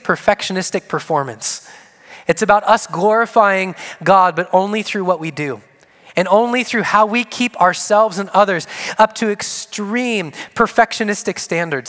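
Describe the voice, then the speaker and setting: A man's voice: high-pitched, fairly bright tone. A man preaching a sermon to his congregation, earnest, repeating key phrases for emphasis. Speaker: pastor. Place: church sanctuary. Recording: long church hall reverb.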